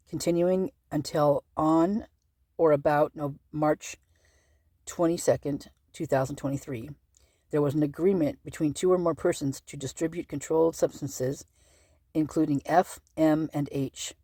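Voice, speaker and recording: A woman hosts her own channel, working through a legal document aloud in a loose, rambling commentary full of fillers and restarts. Her voice is mellow and unhurried. The sound is dry and close, with no room around it. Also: low voice, fairly even intonation, dry recording. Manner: rambling, chatty, with many fillers and self-corrections. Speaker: true-crime channel host. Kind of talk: casual commentary while reading a legal document.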